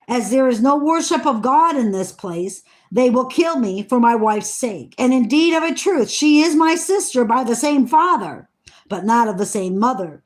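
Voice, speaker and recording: A woman slowly reading scripture aloud, earnest, stumbling over hard names and adding eager comments of her own. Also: on the high side. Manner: excited asides about the text. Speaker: Bible reader.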